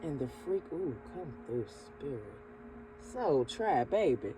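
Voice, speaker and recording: Low-pitched and slow, with big swings in pitch, a woman leads a spiritual energy reading full of affirmations. She draws out her words, calls the listener "baby," and chuckles, while music and background noise fill the recording.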